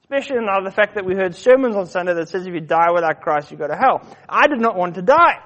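A middle-aged man from Africa, telling personal stories in a casual, animated way, often repeating words as he goes. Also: high voice, fast. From South Africa. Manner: animated, repeats words, acts out his quotes. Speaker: storyteller. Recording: dull muffled lo-fi recording.

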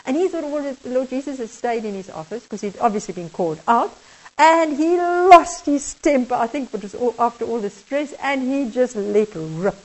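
A woman with a South African accent preaching a sermon as a story, halting and restarting often. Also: fairly high pitch, lively intonation, low-quality recording.

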